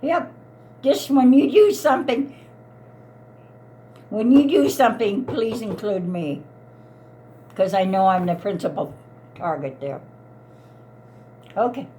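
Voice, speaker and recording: A woman's voice: mid-range voice, takes it slowly, long pauses, warm tone, a little hiss or hum. A woman in her eighties, an elderly mother, arguing in an upset, pleading way and repeating herself. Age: 80s. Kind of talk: heated family argument.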